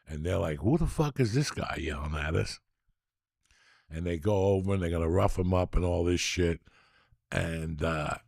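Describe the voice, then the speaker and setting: A middle-aged man tells a long story on his podcast, cursing freely and getting animated as he goes. His voice is rough and gravelly, and the recording is dry with almost no room sound. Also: sits low, no echo. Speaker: podcast host. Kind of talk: casual storytelling chat.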